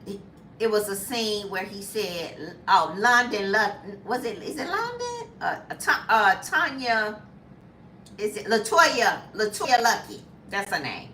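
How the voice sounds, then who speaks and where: A woman in her fifties chatting casually as a lifestyle vlogger, animated and jumping to high squeals when acting out reactions. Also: measured pace, reverberant, recorded from a distance, a little hiss or hum. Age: 50s. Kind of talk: casual chat.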